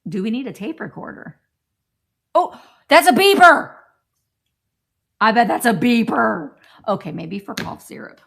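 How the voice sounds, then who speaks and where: Very animated yet measured, this middle-aged woman's fairly high, creaky and fairly bright voice leaves long pauses as she shows off a thrift haul. She rambles in a casual show-and-tell and talks with friends nearby.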